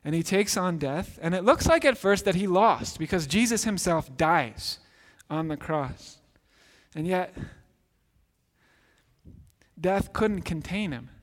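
Male pastor, earnest sermon, slightly high voice, long church hall reverb. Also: lively intonation, takes it slowly. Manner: earnest, emphatic, dropping softer on key phrases.

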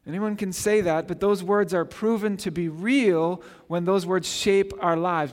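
A pastor delivers a sermon, his voice sitting a little high for a man. He tells the story with energy, slipping into the voices of the people in it. His words ring out with a long reverb, as if he is in a large church hall. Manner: animated storytelling, acting out quoted voices.

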